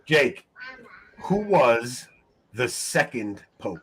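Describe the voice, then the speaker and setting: A man's voice: mid-range voice, sing-song, very slow, fairly bright tone. Guy running a casual trivia game, laughs a lot, bit of faint noise. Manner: chatty, laughs often, reads names from chat. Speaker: quiz show host.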